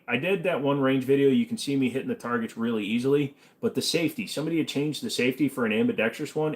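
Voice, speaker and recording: A young man hosting a casual livestream, reading viewer questions and answering them with crude jokes. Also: mid-range voice. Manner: joking, profane, answers chat questions.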